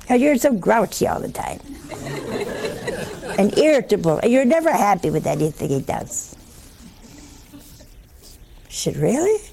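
A woman giving a storytelling sermon, folksy and humorous, slow and emphatic. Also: medium pitch, very animated, vocal fry, warm tone, a little hiss or hum. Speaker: religious preacher.

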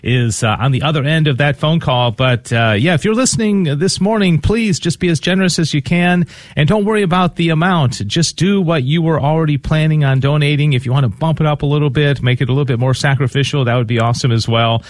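A man's voice: fairly high pitch, quick pace, no echo. A man hosting a live Catholic radio fundraiser, earnest and upbeat, with many fillers and restarts.

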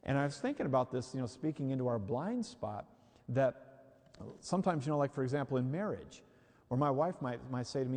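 A man's voice: mid-range voice, animated, fairly quick, darkish tone. A man preaching a sermon who acts out the reactions he quotes. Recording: hall reverb.

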